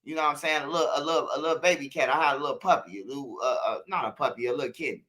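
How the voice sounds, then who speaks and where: A man's voice: on the high side, rapid-fire, sharp tone. A man from Chicago with a Chicago accent, hosting his channel, talking straight to viewers in a slangy, repetitive, preachy monologue. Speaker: channel host.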